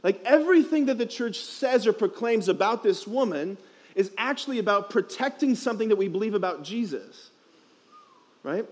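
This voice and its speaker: A man's voice: high voice, animated, moderate pace. A young man, a priest, giving a playful, emphatic homily at a youth conference, asking the crowd questions, speaking into a headset mic.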